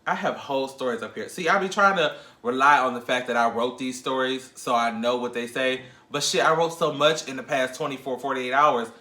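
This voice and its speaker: A man's voice: mid-range voice, a little fast, hardly any pauses. Sassy gossiping man in an echoey room. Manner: sassy, gossipy, animated, laughs often. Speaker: podcast host. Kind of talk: casual pop-culture commentary.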